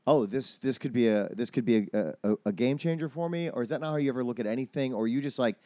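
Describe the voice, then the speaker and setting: Male host, mid-pitched, dry close sound, asks rambling questions with restarts. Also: quick pace, warm tone, dry recording. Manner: loose questions with stammered restarts. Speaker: podcast host. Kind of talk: casual interview.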